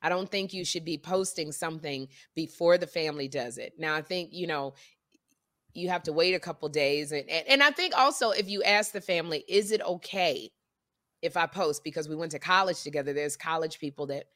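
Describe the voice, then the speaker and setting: A woman co-hosting a casual podcast chat, talkative and animated, often repeating and restarting her sentences. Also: low voice, brisk, no room sound, studio quality. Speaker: podcast co-host.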